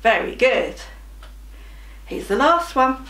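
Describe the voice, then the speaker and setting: A primary school teacher with a high-pitched, very animated voice leads a children's drama game, speaking slowly, adding playful sound effects and offering encouragement. The recording is roomy, with her voice heard from a distance and music behind.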